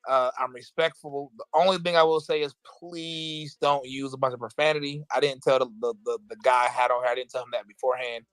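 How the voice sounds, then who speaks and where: A man's voice: medium pitch, fairly even intonation, a bit bright, clear, resonant tone, no room sound, poor audio. A man hosting a live stream, arguing heatedly with frequent restarts and bursts of laughter. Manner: impassioned, laughing, fast bursts with repeated restarts. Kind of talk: heated political talk.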